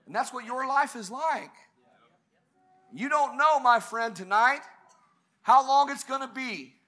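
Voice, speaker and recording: A man's voice: very high-pitched, unhurried, pushed and bright. A man preaching a sermon at a church service, fervent and building to emphatic peaks.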